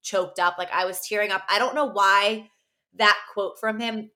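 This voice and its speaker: A woman's voice: mid-range voice, fairly even intonation, moderate pace, pushed and bright. A young woman co-hosting a podcast, talking animatedly in casual chat and swearing freely. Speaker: podcast co-host.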